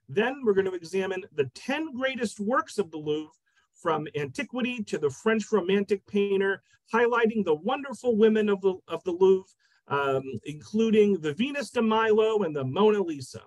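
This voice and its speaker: High-pitched man, upbeat host, dry close sound, video call. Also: dry recording, rough recording. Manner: upbeat, reading from notes. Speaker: library program host. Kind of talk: event introduction.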